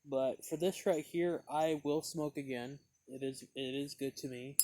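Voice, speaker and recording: A man's voice: mid-range voice, steady tone, measured pace, dark tone, a little hiss or hum. A man reviewing pipe tobacco in a casual, meandering way, with lots of fillers and restarts as he tells a story.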